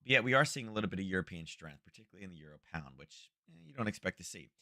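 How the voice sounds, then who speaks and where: A middle-aged man with a deep yet bright, cutting voice talks through the day's market moves in loose, rambling live commentary. He fills gaps with ums and restarts his sentences as he goes. The sound is close and completely dry, recorded at home. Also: lively intonation, rapid-fire, no echo. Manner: rambling, chatty, many fillers and restarts. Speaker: trading show host.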